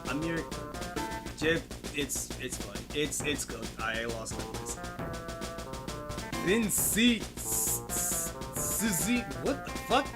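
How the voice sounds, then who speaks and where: A man's voice: fairly high pitch, lively intonation, slow pace. A man streaming a retro video game, chatting casually, rambling through asides and swearing freely. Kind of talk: casual gaming commentary. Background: game music.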